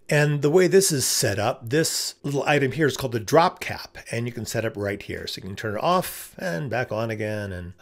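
A man's voice: on the low side, creaky. A man, a business coach, talking casually through a screen-share design tutorial, thinking aloud with frequent fillers.

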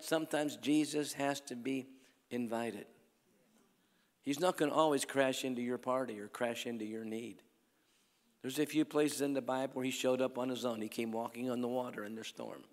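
An older man preaching at a crusade, telling folksy stories in a sermon that swings from soft talk to loud exhortation. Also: mid-range voice. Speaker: evangelist preacher. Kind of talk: sermon with storytelling. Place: large church or arena at a crusade. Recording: long hall reverb.

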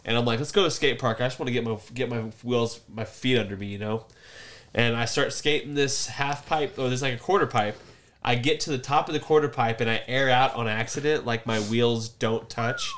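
A man's voice: medium pitch, fairly quick. Laughing young man telling stories. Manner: animated, acts out quotes loudly, laughs often. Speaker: podcast co-host. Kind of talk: casual storytelling chat.

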